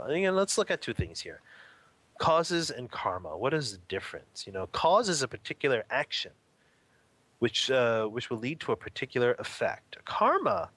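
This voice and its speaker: A man's voice: medium pitch, a bit bright, dry recording. A man as an interview guest, telling a Buddhist story and explaining its teaching in a rambling, casual way with many fillers.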